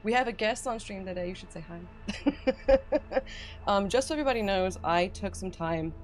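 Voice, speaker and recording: A woman's voice: mid-range voice, lively intonation, normal speed. Woman streamer, laughs a lot, chatty and bubbly, music in the background. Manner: bubbly, laughs often, reads chat aloud. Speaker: streamer host. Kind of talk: casual stream chat while gaming.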